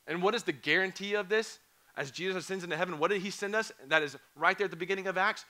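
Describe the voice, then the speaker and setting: Hoarse young man preaching to students. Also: high-pitched, quick pace, bright, forceful tone. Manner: earnest, repeats phrases, emphatic questions to students. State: hoarse, voice going. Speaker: camp preacher. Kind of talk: youth camp sermon. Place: church or camp hall.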